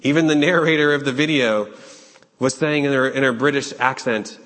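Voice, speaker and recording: A man preaching a sermon, urgent and questioning, with dramatic pauses. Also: mid-range voice, fairly even intonation, a bit bright. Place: church sanctuary. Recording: long hall reverb.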